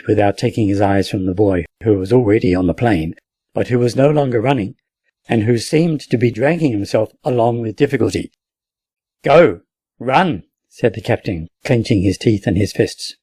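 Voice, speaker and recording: A man from Australia with an Australian accent, reading a classic novel aloud in a steady, measured way. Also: medium pitch, no echo. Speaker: audiobook reader.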